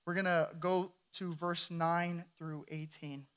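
A man's voice: fairly high pitch, little pitch movement, takes it slowly, a bit bright, clear, resonant tone. A man preaching a sermon as a pastor, emphatic and firing questions at his congregation.

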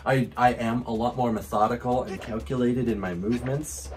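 A man hosting a let's-play video, commenting on his game to himself with frequent whoops, laughs and excited exclamations. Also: mid-range voice, normal speed. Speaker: gaming channel host.

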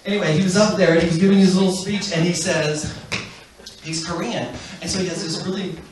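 A man's voice: high-pitched, fairly quick. A man performing a stand-up comedy set, chuckling as he tells his stories, recorded from afar on a club stage. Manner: animated, chuckling storyteller. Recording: echoey club from far off with noise.

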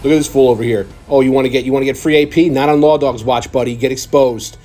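A man's voice: medium pitch, fairly even intonation, fast talker, warm tone. A young man boasting and trash-talking over gameplay as a gaming channel host, in a mock-arrogant way. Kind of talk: gameplay commentary.

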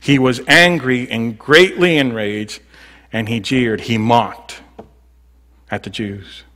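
A male pastor preaching a sermon, reading scripture at a slow, measured pace and then drifting into loose, rambling asides full of fillers. His voice sits in a middle register and carries a long reverb from a large church sanctuary. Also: medium pitch, fairly even intonation, pushed and bright.

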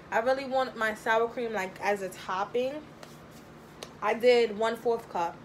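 In her home kitchen, a young woman who vlogs about home cooking chats her way through a recipe in a casual tutorial, rambling and thinking aloud with frequent ums. Her fairly high voice is captured on a camera mic with faint hissing background noise, and the recording is rough.

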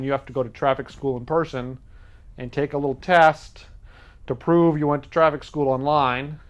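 A man riffs through a loose, self-mocking monologue as host of a small studio talk show. He keeps slipping into quick voices to replay arguments, all at a middling pitch. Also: clean tone. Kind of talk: casual comedic monologue.

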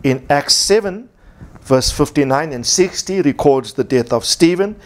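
A man's voice: a little high, animated, a little slow. Emphatic male pastor preaching. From South Africa. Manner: emphatic, repeats key points. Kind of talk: sermon.

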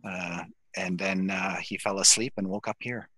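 A man narrating a tabletop game as dungeon master, halting with many fillers. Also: sits low, fairly even intonation, bright, forceful tone, breathy edge, no echo, low-quality recording.

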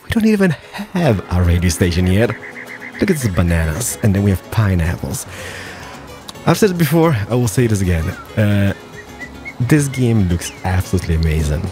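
Animated man rambling over gameplay. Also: lowish voice, normal speed, faint music behind. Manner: rambling, playful, drops mock Spanish words. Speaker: gaming channel host. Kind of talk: casual gameplay commentary.

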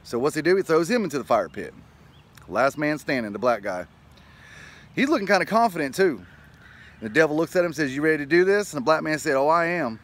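A man tells a joke aloud in a fairly high voice. He runs through it in an animated storytelling manner and slips into quick voices for the people in it. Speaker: joke teller. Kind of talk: telling a joke.

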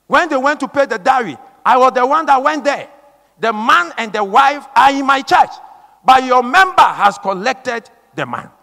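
A man's voice: extremely high pitch, lively intonation, normal speed, vocal fry, bright, forceful tone, exaggerated voice. A preacher voicing an indignant male pastor who firmly accuses a church member. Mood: accusing. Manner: firm, accusing. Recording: long hall reverb.

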